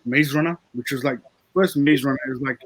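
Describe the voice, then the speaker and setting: A man's voice: medium pitch, fairly quick, a little hiss or hum, poor audio. A man, a film director, talking candidly and easily about making his film in a casual interview.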